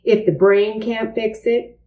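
A woman voicing an excitable, pushy young boy in a storybook reading. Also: fairly high pitch, slow, echoey room, poor audio. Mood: excited.

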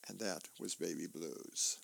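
A man who volunteers reading a newspaper aloud on a reading service, unhurried and plain, with small fillers. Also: low voice, gravelly, a bit bright.

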